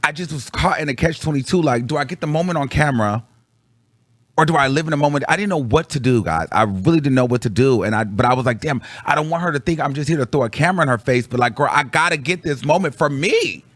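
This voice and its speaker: Guy vlogging a story, slangy and animated, voice on the high side, dry close sound. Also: fast, no room sound. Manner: animated, swinging from low mutters to high excited bursts; slangy, calls the audience girl. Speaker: vlogger reviewing a concert. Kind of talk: casual storytelling to camera.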